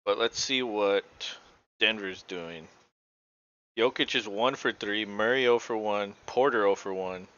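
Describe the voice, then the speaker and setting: A man's voice: on the low side, a little slow, sharp tone, highs cut off. A man casually calling live basketball play-by-play for a podcast, rambling and swearing with lots of fillers. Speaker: podcast co-host.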